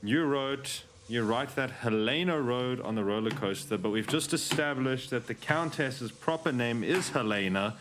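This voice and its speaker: A man's voice: medium pitch, moderate pace, few pauses, noisy background. A man streaming a game, joking and irreverent, swearing freely as he comments. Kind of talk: casual let's-play commentary.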